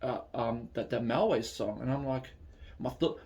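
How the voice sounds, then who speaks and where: A man's voice: medium pitch, normal speed, darkish tone. Man, Australian accent, casual reaction chat, rambling, fillers, phone recording. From Melbourne, Australia. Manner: rambling, many fillers and restarts. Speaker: reaction video host.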